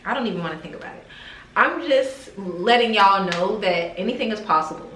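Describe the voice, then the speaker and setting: A woman's voice: medium pitch, a little fast, fairly bright tone, slight background noise. Woman vlogging at home, heartfelt and chatty, roomy echo, a bit far from the mic. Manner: heartfelt, emotional, with frequent "like" fillers. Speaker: lifestyle vlogger. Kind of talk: casual vlog talk. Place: her house.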